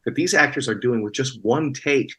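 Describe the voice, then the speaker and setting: A man's voice: medium pitch, moderate pace, fairly bright tone, husky, poor audio. A man talking as a guest actor in a casual interview, rambling with many restarts and fillers.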